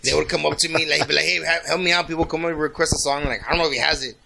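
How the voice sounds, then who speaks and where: Casting: man, profane storyteller, bright, sharp voice pitched a bit high. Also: steady tone, rapid-fire, vocal fry, slight background noise. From the Rio Grande Valley, Texas. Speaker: podcast co-host. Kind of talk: casual chat.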